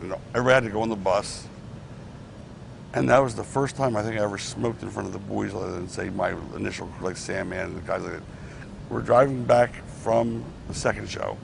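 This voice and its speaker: A man's voice: fairly low pitch, quick pace, gravelly, a little hiss or hum. A middle-aged man telling rambling backstage anecdotes in a casual interview, acting out what others said, on a clip-on mic. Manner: rambling anecdotes with restarts, acts out quotes. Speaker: former wrestling promoter.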